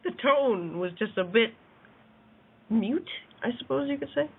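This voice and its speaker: A woman's voice: on the high side, animated, a little slow, gravelly, breathy edge. Dry teasing woman panelist. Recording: tinny line with faint noise.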